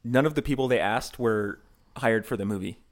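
A man's voice: medium pitch, normal speed. A man co-hosting a podcast in casual chat, joking and laughing often. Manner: joking, lively, laughs loudly. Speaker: podcast co-host.

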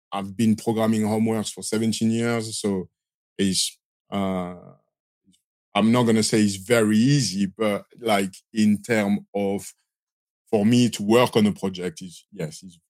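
Low-voiced man with a strong French accent. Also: a little mellow, no room sound. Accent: French, Marseille. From France. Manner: hesitant, many fillers and restarts. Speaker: guest, lighting system designer. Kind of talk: casual interview talk.

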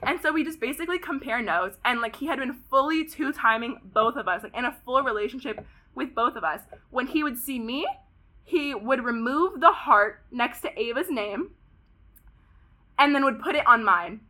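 A woman of about twenty from Pasadena, California, telling a story as a podcast guest in an animated way, saying "like" constantly and swearing often. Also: sits high, moderate pace. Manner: animated, heavy use of "like", frequent swearing. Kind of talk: casual storytelling interview.

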